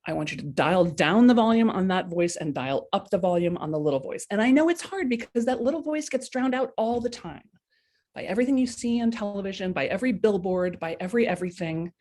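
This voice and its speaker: Blunt, husky woman coaching a live audience. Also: medium pitch, a little fast. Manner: lively, blunt, talks straight to viewers, acts out inner voices. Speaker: host of a live coaching stream. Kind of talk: casual motivational talk. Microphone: webcam or laptop mic for a live stream.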